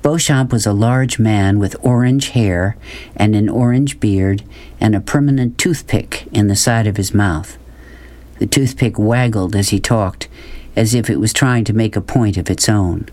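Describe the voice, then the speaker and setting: A man narrating an audiobook in a calm, even storytelling voice. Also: fairly low pitch, a little slow. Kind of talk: scripted narration.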